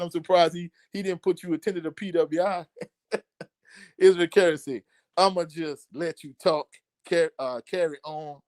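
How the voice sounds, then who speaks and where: A man's voice: a little high, normal speed, no echo, studio quality. A man hosting a casual sports live stream, reading viewer comments aloud, laughing often and talking loosely with many fillers. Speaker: sports show host.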